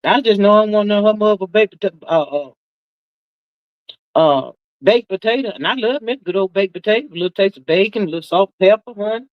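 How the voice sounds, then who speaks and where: A woman's voice: fairly quick, no room sound, muffled recording. A woman in her sixties hosting a livestream, gossiping in a drawling, chatty way and calling everyone "child" and "honey". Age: 60s. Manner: lively, swoops high for emphasis. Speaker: livestream host. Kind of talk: casual gossip commentary.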